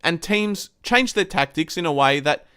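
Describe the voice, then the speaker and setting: A man's voice: a little high, moderate pace, clear, resonant tone, dry recording, clean studio sound. A man hosting a live-stream footy review, swearing heavily and ranting in frustration, his voice jumping up when he gets worked up. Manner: excitable, voice jumps up when worked up.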